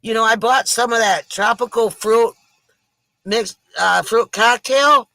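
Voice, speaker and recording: A middle-aged woman, hosting a live stream from home and telling corny jokes slowly, laughing and sighing often, a bit tipsy from drinks. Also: fairly high pitch, bright, forceful tone, no echo. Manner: slow, corny jokes with frequent laughs and sighs. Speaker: live stream comedy host. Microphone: computer mic for a live stream.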